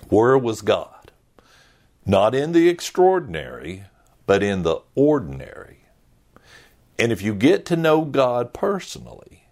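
A middle-aged man preaching a sermon as a pastor, earnest and emphatic with dramatic pauses. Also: mid-range voice, a little mellow.

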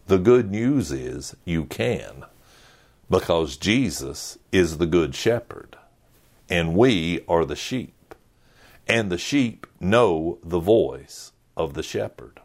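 A middle-aged man preaching a sermon as a pastor, earnest and emphatic with dramatic pauses. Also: on the low side, a little mellow.

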